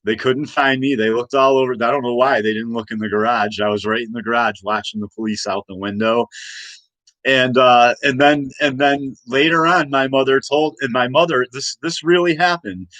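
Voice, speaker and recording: A man's voice: medium pitch, normal speed, fairly bright tone, dry recording, low-quality recording. A man in his forties ranting in a late-night monologue, rambling and agitated with many restarts and repeated questions. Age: 40s. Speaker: host.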